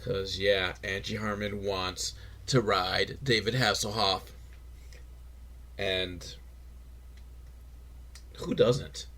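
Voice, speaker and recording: A man's voice: low-pitched, fairly even intonation, extremely slow, long pauses, sharp tone. A man hosting a comedic recap of a TV episode, talking in a wry, rambling way with lots of filler words. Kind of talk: casual comedic commentary.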